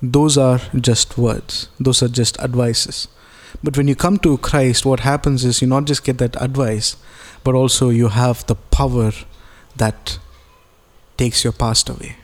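A male pastor delivers a sermon in an earnest voice of middle pitch. He reads scripture aloud and explains it in plain terms. He repeats key phrases for emphasis. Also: steady tone, unhurried.

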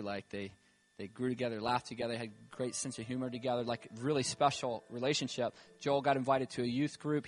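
A man preaching a sermon and telling a personal story, moving between loud emphatic calls and quiet, tender narration. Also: medium pitch. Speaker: pastor. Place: church gathering.

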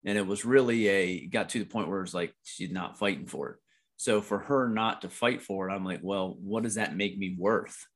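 A man's voice: deep voice, moderate pace. A middle-aged American man telling a personal story in a candid conversation, blunt and profane, often repeating himself.

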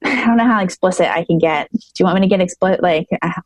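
A woman's voice: lowish voice, dry recording, soft background music. Woman telling a personal story. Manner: emotional, fast, filler-heavy retelling. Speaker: podcast guest. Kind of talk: casual storytelling.

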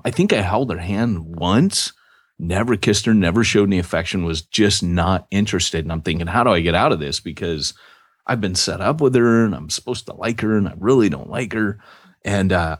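A very low-voiced middle-aged man spins a rambling personal story on a podcast. His voice swings up and down with lively movement as he restarts his sentences. The sound is dry and close to the mic. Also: husky, dry recording. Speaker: podcast co-host. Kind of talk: casual storytelling.

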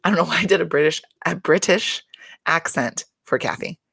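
A woman talks through a reality show in a loose, rambling solo recap, swearing freely and breaking into laughter. Her voice sits a little low for a woman. The sound is close and dry, with almost no room around it. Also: normal speed, creaky, a bit bright, slightly rough, no echo. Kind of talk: casual solo recap chat.

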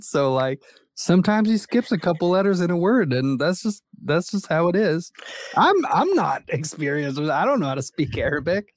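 A man's voice: on the high side, big pitch swings, moderate pace, no echo. Playful young man, podcast co-host. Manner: playful, laughing often. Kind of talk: casual podcast chat.

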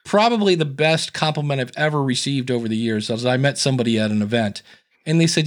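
A man's voice: medium pitch, fast talker. A man being interviewed as a guest on a podcast, chatting casually and acting out the dialogue in his stories. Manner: chatty storyteller who acts out quoted dialogue.

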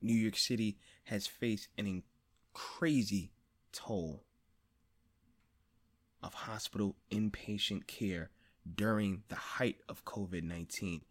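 Podcast guy ranting solo, swears a lot, says the same thing over and over, gets loud and high when he pushes a point. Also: takes it slowly, long pauses. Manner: blunt, swears often, repeats phrases for emphasis; grows louder and higher when stressing a point. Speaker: podcast host. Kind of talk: personal monologue.

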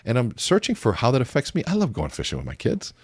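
A man teaching a method for conversation, telling lively stories and acting out both sides of his exchanges. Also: medium pitch, fast talker, breathy edge, dry recording, clean studio sound. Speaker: communication coach. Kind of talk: teaching talk with acted-out examples.

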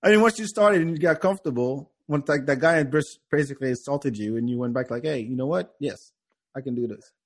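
A man's voice: medium pitch, quick pace. A man with a French accent, English not his first language, hosting a casual podcast chat and talking in rambling bursts with many restarts. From France. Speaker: podcast host.

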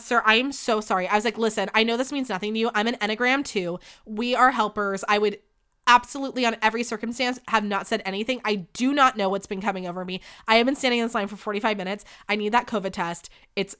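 A young woman hosting her own podcast, talking candidly and with lots of swearing as she tells stories. Her voice sits a bit high and sounds bright and clear. The delivery is quick to swing from animated bursts to low asides. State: sick. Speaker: podcast host. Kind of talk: casual solo podcast storytelling.

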